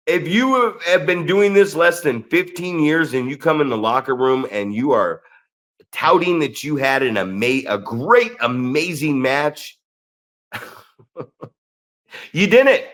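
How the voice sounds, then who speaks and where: A man with an American accent co-hosting a wrestling podcast, telling stories in a sarcastic, profane, animated way. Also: on the high side, measured pace. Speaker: podcast co-host. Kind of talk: casual chat.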